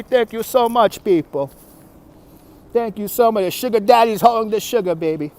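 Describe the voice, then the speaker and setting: A man's voice: fairly high pitch, moderate pace, darkish tone. A man hosting a casual nighttime walking livestream outdoors on city streets, upbeat and thanking viewers for their donations, recorded on a phone. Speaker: livestream walking tour host. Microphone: phone on a handheld gimbal.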